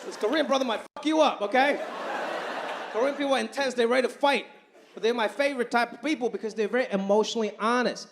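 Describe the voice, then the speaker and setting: A male stand-up comedian performing live on stage, with a punchy, animated delivery full of voice impressions. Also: very high-pitched, fast talker. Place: stage in front of a live audience. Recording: noisy live stand-up recording.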